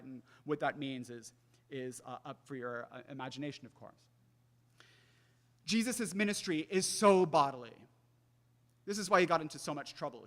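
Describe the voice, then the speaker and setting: A man in his thirties giving a public lecture, animated and acting out quoted dialogue. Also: fairly high pitch. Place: lecture hall. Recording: echoey hall with long reverb.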